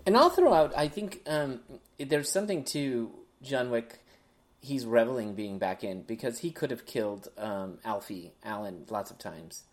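Podcast co-host, relaxed, casual movie chat, filler-heavy. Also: medium pitch, normal speed.

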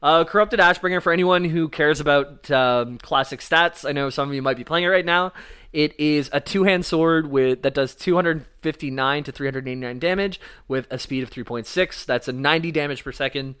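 A man's voice: fairly high pitch, brisk, bright, forceful tone, clean tone. A man on a podcast casually explaining video game lore, rambling with lots of fillers and the odd swear. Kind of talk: casual chat.

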